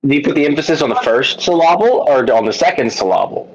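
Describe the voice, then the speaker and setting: A man's voice: on the high side, lively intonation, quick pace, muffled recording, crowd noise. A man chatting on a podcast, asking emphatic, insistent questions. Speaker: podcast guest. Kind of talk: casual chat.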